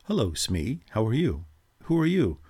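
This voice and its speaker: A man voicing a kind, chatty woman guest who is a little uneasy, talking in a quick, confiding way. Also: mid-range voice, huge pitch swings, dark tone, slightly rough, pitched above the performer's own voice.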